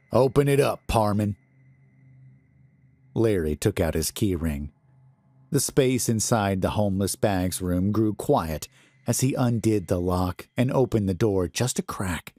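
Slow, low-voiced male story reader. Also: darkish tone, dry recording. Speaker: narrator. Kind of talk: audiobook horror story reading.

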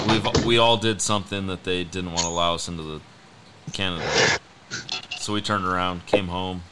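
Deep, bright-voiced blunt man. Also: a little hiss or hum, low-quality recording. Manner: blunt, matter-of-fact storyteller. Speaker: racing guest. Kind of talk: casual chat.

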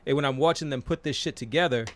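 A man in his forties chatting on a podcast in a rambling, profane way, full of fillers. His voice sits at an ordinary middle pitch. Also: fast. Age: 40s. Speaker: podcast co-host. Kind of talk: casual chat.

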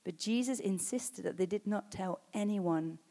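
A woman's voice: medium pitch, moderate pace, gravelly. A woman delivering a sermon, reading scripture aloud and pressing her points with rising, emphatic calls. Her voice sits mid-range and carries a long reverb from the hall around her. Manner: builds to loud emphatic exhortations. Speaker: preacher.

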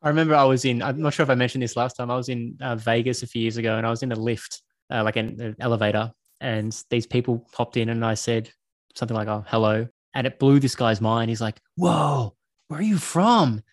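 An Australian filmmaker talking in a rambling, self-correcting way as a guest in a casual podcast interview. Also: male voice, medium pitch, little pitch movement, fast talker, no echo.

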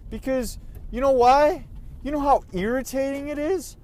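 A man's voice: extremely high pitch, normal speed, a little mellow, poor audio. A man vlogging from his car, ranting in an irritated, profane way while he drives. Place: in a car on the road.

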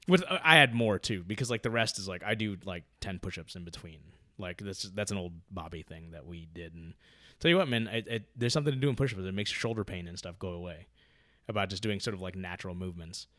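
A man chatting casually about his training, rambling with lots of fillers and getting loud when excited. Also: low-pitched, quick pace, no room sound, studio quality. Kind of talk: casual podcast chat.

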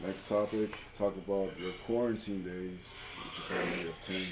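A man's voice: low voice, steady tone, normal speed, echoey room, very noisy. A young man co-hosting a podcast, telling stories bluntly with lots of swearing. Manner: swearing, blunt, laid-back storytelling. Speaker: podcast co-host. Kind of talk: casual banter.

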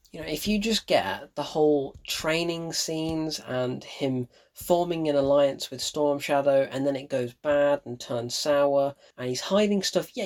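A man giving a casual, opinionated film review, blunt and emphatic, repeating his points for effect. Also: fairly high pitch.

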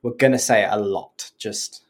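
With a bass voice at a moderate pace, a woman co-hosting a podcast goes over the rules in a chatty, casual way. She frequently laughs, sometimes swears, and slips into silly accents for single words.

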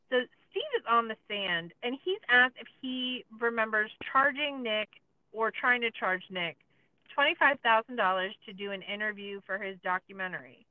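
A woman's voice: mid-range voice, no echo. A woman chats through a documentary recap as a podcast co-host. She leans on filler likes and sarcastic asides. Her voice comes through a tinny, phone-like line in a dry, close sound. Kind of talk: casual chat recapping a documentary.

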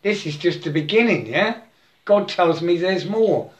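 A man giving a halting, repetitive spiritual monologue, breaking into chanted mantras and laughing to himself. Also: high-pitched, lively intonation.

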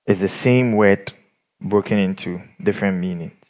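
A man's voice: deep voice, moderate pace. A man preaching a sermon, telling stories and acting out the people in them. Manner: animated storytelling, acts out quoted people.

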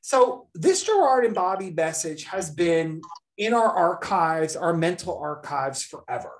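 A woman's voice: lowish voice, unhurried. A woman hosting a podcast, telling a long story in casual chat and acting out the people she quotes. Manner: animated storyteller, acts out quotes. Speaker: podcast host.

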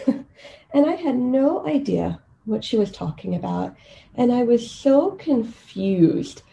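A woman in her thirties from Kenya, a guest telling childhood stories in a relaxed, reflective way with easy laughter. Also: on the high side, slow pace, vocal fry, lo-fi sound. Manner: reflective, easygoing, often laughing. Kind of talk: casual storytelling interview.

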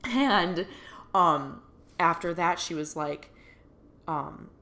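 A woman's voice: lowish voice, lively intonation, drawn-out words, gravelly, bright, forceful tone. A young woman telling a personal story in a chatty way, full of fillers and laughing now and then, as a podcast host. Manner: chatty, full of "like" and "you know", laughs often.

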